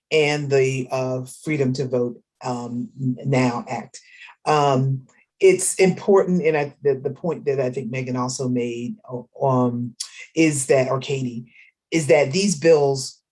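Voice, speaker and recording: A woman panelist on an online webinar, speaking in an earnest, measured way. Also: a bass voice, a little mellow.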